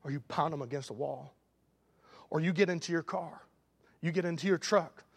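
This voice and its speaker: A pastor with a high-pitched, gravelly voice preaches a folksy sermon at a moderate pace, building into loud, emphatic passages. A long reverb follows his words through the church sanctuary.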